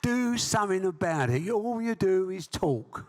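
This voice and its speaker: A man's voice: high-pitched, expressive, unhurried, darkish tone, voice pushed up. Scolding, dismissive wife, put on by a man; long reverb. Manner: nagging, dismissive. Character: scolding wife, sharp critic of her husband.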